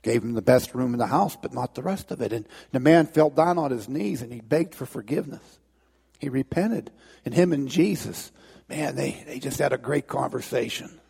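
Gravelly preacher telling a dramatic story. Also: male voice, medium pitch, expressive, normal speed, a little mellow, long reverb tail. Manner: dramatic, repetitive, with restarts. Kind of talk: sermon storytelling.

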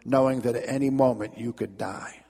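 A man's voice: medium pitch, fairly even intonation, moderate pace, mellow, breathy edge. A man voicing a hesitant, deferential old shopkeeper, in an echoey hall. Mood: timid. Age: older. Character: timid old male shopkeeper.

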